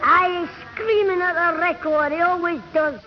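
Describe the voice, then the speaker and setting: A man playing a schoolboy who puts on a gruff, blunt old grandad voice in a 1960s radio comedy. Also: very high voice, fairly even intonation, normal speed, soft background music. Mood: scheming. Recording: dull lo-fi 1960s radio recording.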